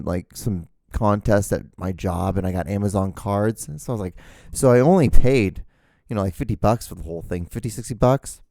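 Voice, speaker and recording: A man hosting his own podcast, rambling excitedly about gear with lots of fillers and restarts, out of breath. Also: fairly low pitch, dry recording, studio quality. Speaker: host. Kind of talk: casual solo podcast rambling. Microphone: camera mic, speaking to camera.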